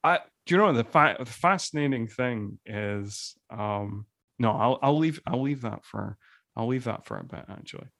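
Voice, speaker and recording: Guy on a movie podcast, kinda rambly, restarts a lot, dry mic, mid pitch. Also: moderate pace, vocal fry, fairly bright tone, dry recording. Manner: rambling, many restarts and fillers. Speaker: podcast co-host. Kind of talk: casual film discussion.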